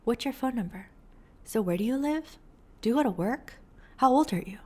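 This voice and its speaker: A woman voicing a pushy female church recruiter who fires off insistent, rapid questions. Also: a little high, lively intonation, voice pushed up. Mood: prying.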